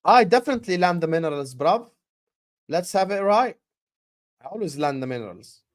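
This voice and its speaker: A young man hosting a football transfer stream in casual live chat, animated and slangy, and he repeats his points. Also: sits high, normal speed.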